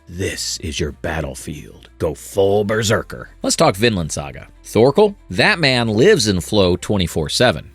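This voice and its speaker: A man's voice: fairly low pitch, no echo. A man giving punchy, playful scripted narration for an anime video essay, with slangy asides.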